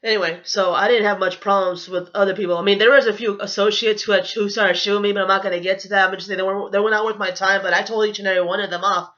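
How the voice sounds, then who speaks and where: A woman's voice: mid-range voice, fairly even intonation, fast talker, hardly any pauses, a bit bright. A young woman telling a storytime vlog in a blunt, profane, indignant rant. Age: young adult. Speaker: vlogger. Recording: dull lo-fi recording.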